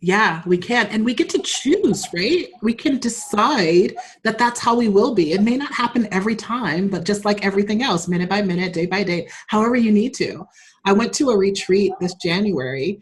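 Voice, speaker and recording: A woman's voice: mid-range voice, animated, moderate pace, slight background noise. A woman guest in a casual interview, telling personal stories with frequent laughs and open emotion. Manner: warm, laughing, openly emotional storyteller.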